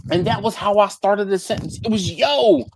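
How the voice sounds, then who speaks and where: A man's voice: sits high, moderate pace, slightly rough, poor audio. A man from Philadelphia with a Philadelphia accent, telling stories in a casual chat on a live barbecue stream, laughing often and repeating himself.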